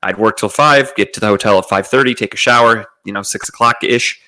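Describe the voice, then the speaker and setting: A man's voice: fairly low pitch, a little fast, sharp tone, rough recording. A young adult man from the United States telling a rambling, profane travel story in a laid-back way. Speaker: podcast host. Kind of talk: casual storytelling monologue.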